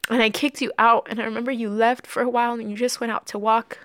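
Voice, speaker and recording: A woman's voice: a little high, little pitch movement, fast talker, no room sound, clean studio sound. A woman co-hosting a podcast, telling her own story in a candid, openly emotional way. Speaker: podcast co-host. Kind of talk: candid personal conversation.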